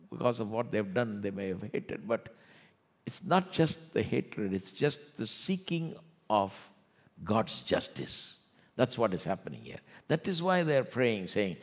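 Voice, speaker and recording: A man with an Indian English accent preaching a sermon as pastor, animated, acting out the taunts of scoffers. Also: lowish voice, big-room sound.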